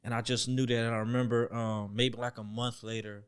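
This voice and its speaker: A young man telling a story as a podcast guest, acting out the voices he quotes, dropping to near-whispers and then jumping up loud. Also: mid-range voice, level tone, fairly quick, clean tone. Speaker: podcast guest, former football player. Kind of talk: storytelling in a casual interview.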